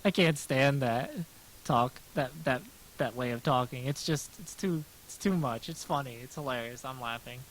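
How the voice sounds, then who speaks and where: A man's voice: medium pitch, moderate pace, a bit bright, a little hiss or hum, poor audio. A man chatting casually on a livestream while he sketches, rambling and poking fun at himself, with many restarts. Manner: rambling, self-deprecating, lots of restarts. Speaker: streamer and artist.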